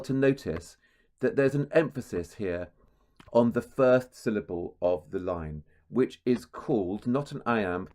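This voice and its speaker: Guy with a fairly low voice lecturing on a play, lots of ums, leans hard on the stresses when he reads lines out. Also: a little mellow. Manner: thoughtful, with frequent ums and restarts; reads quoted verse aloud with stressed emphasis. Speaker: literature teacher. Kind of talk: spoken lecture commentary.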